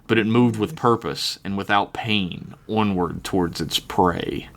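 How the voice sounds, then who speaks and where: A man's voice: lowish voice, measured pace, a bit bright. A man narrating a tabletop role-playing game in a dramatic style, swearing and laughing now and then. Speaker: game master.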